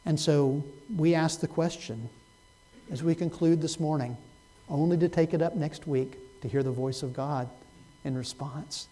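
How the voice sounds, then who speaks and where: A man preaching a Sunday sermon as pastor, swinging from loud, pleading cries to hushed, soft words. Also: on the high side, measured pace, low-quality recording.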